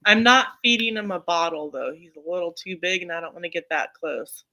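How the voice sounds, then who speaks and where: A woman's voice: lowish voice, animated, brisk, pushed and bright. A middle-aged woman co-hosting a live stream, chatting casually and rambling with lots of ums and restarts. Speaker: co-host of a live chat stream. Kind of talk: casual chat.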